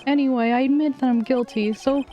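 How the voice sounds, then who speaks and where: A woman puts on a jittery young man for a courtroom game, pitched far up into a shrill, cracking register. He stammers and pleads anxiously, all nerves. Faint music plays underneath. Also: steady tone, a little fast, lo-fi sound, close to an everyday voice. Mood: pleading. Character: nervous young man insisting he is guilty.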